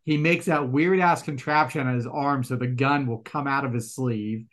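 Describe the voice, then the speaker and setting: A man co-hosting a casual movie podcast who talks in a relaxed, chatty way and drops in trivia. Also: mid-range voice, moderate pace. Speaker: podcast co-host. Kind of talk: casual film discussion.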